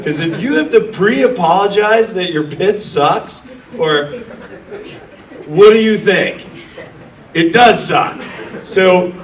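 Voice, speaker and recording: Middle-aged man, blunt mocking coach, higher voice, roomy sound from off-mic. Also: animated, measured pace, a bit bright, a little hiss or hum. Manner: brash, profane, mocking, acts out nervous founders. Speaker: startup accelerator founder coaching founders. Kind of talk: blunt live talk to an audience. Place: room with an audience. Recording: echoey room from far off.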